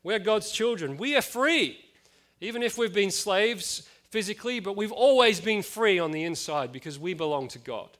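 A man's voice: sits high, expressive, normal speed, fairly bright tone, pitched above the performer's own voice. A man putting on the voice of smug, self-righteous religious men boasting of their purity in a mocking tone.

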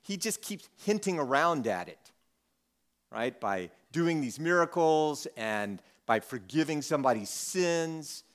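This preacher's voice sits fairly high and is very animated, though a little slow. Teaching a Bible passage in a conversational style, he reads it aloud and then humorously performs what the disciples said.

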